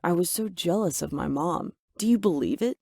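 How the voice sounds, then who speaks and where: A woman narrating a first-person story in an even, measured way, voicing the quoted lines herself. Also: on the low side, vocal fry, no echo, studio quality.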